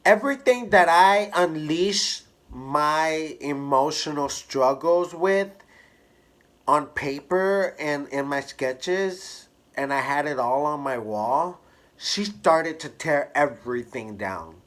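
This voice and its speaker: A man candidly telling a personal story to camera in an expressive, drawn-out way. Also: fairly high pitch. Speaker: hairstylist vlogger.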